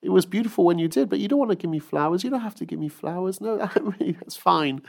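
A man playing a gentle, patient mother. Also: sits high, expressive, fast, vocal fry, pitched above the performer's own voice, exaggerated voice. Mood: soothing. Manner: soft, kind and coaxing.

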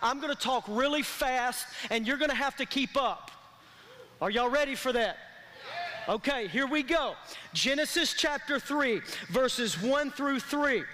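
High, bright-voiced man preaching a sermon. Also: a little slow, slight background noise. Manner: preaching with call-and-response to the congregation. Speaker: pastor. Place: church sanctuary. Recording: long reverb of a large hall.

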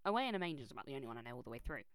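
Chatty young woman, low voice. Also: racing, clear, resonant tone, no room sound. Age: young adult. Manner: chatty and animated, lots of "like" and restarts. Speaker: vlogger. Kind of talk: casual storytelling. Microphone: close microphone.

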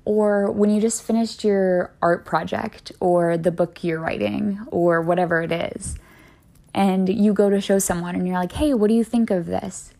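A woman's voice: mid-range voice, steady tone, moderate pace, gravelly, dark tone. Female solo podcast host, encouraging and conversational, mid-range voice. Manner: earnest, encouraging, chatty with many "like"s. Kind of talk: solo wellness podcast talk.

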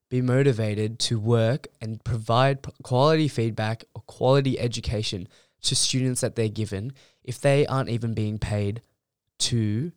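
A man's voice: mid-range voice, clear, resonant tone, no echo, studio quality. A young man, a university student, ranting bluntly and heatedly in a casual monologue, swearing freely. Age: young adult.

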